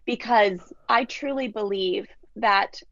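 A woman with a gravelly, creaky voice is a parenting educator and podcast guest. She talks in an animated, storytelling way, full of casual fillers. The sound is dry and close, but a bit dull and lo-fi. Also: takes it slowly, no echo. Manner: animated, acts out quotes with big pitch jumps, many "like" fillers. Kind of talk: conversational storytelling interview. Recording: dull, muffled, lo-fi audio.

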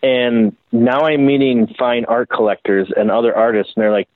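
A man's voice: medium pitch, normal speed, vocal fry, hardly any pauses, no room sound. A man from the Minneapolis area, a custom bike builder being interviewed, telling stories in a casual, profane, self-deprecating way. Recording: dry phone-like audio.

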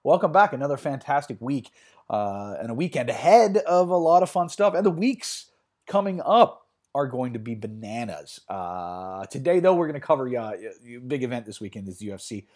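A man hosts a casual sports-betting chat show. He rambles, restarts his sentences and leans on fillers, in a voice of ordinary middle pitch. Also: sing-song, moderate pace, darkish tone. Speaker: podcast host.

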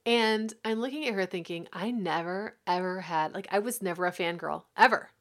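A woman co-hosting a podcast, chatting casually and telling animated stories about her children. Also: medium pitch, normal speed. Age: adult, mother of several children. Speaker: podcast co-host. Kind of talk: casual chat.

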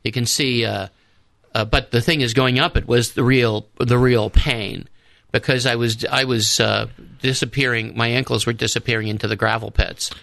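A man, a priest, is a guest on a radio talk show, telling rambling travel stories and restarting his sentences. His voice is gravelly and bright with a forceful edge. The studio sound is close and dry. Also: medium pitch, fairly even intonation, normal speed, no echo. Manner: rambling storyteller, restarts often. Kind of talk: casual radio discussion.

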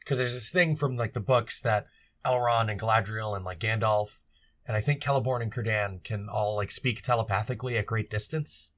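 A man's voice: on the low side, a little fast, a bit bright. A man chatting casually as a podcast co-host, rambling and joking, now and then acting out characters' lines. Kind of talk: casual chat.

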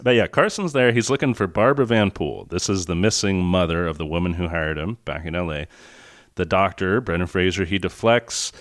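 Man, lowish voice, animated, mocking, swears a lot, dry close sound. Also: no room sound. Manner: animated, mocking, profane, quick to laugh. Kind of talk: casual movie-review chat.

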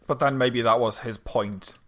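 Male co-host, hesitant starts, steady reasoning, casual talk. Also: medium pitch, unhurried. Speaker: podcast co-host discussing poetry. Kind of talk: casual literary discussion.

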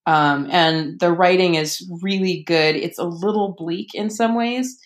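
A woman author talking casually about books, chatty, with many fillers and animated quoting. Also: fairly low pitch, measured pace. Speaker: author guest. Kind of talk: casual podcast conversation.

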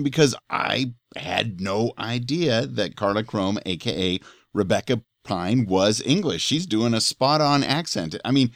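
A man's voice: medium pitch, no echo, clean studio sound. A man co-hosting a casual talk show in an easygoing way, laughing often. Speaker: podcast co-host. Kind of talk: casual chat.

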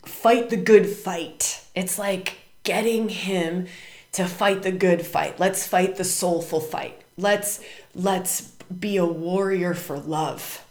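A woman's voice: fairly low pitch, slow pace, darkish tone. Woman podcast host for a spiritual astrology show, emphatic and repetitive, recorded in a roomy space. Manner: emphatic, repeats words and tags "right?".

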